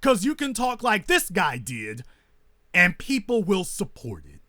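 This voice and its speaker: Lively, bright-voiced man on an indignant rant. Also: high voice, unhurried, no echo, clean studio sound. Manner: repetitive rhetorical emphasis, builds points like a preacher; indignant, scornful. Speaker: host. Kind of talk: commentary monologue.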